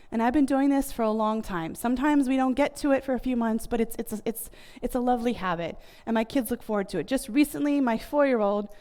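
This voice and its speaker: A woman's voice: fairly high pitch, darkish tone. A woman in her thirties with an American accent, speaking casually to an audience about family communication, with many fillers. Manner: chatty, many fillers like "like" and "you know".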